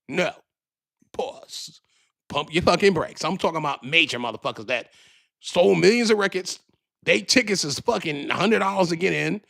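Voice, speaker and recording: A podcast host rants in a loose, profane, rambling way, tripping over his own restarts. His voice has a gravelly rasp and swings widely up and down. The studio microphone sounds dry and close. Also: fairly high pitch, lively intonation, normal speed, fairly bright tone, no room sound. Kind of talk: casual rant.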